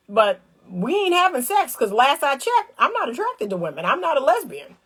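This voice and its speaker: A woman giving casual, animated commentary on relationships. She talks straight to her viewers in colloquial speech, repeats phrases for emphasis and acts out little scenes. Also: high-pitched, moderate pace, few pauses. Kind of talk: casual direct-to-camera commentary.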